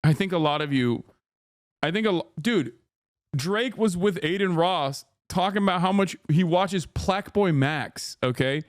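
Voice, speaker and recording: A man's voice: sits high, lively intonation, a little slow, dry recording, clean studio sound. Blunt, profane male streamer. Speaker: streamer reacting to clips. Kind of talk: casual commentary.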